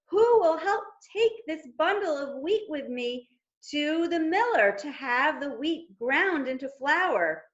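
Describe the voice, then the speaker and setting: A woman puts on the little red hen of a children's storybook, a patient, hardworking bird. Her asks come high and drawn out, slow and pleading. The recording is dull and lo-fi. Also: animated, fairly bright tone, echoey room, exaggerated voice.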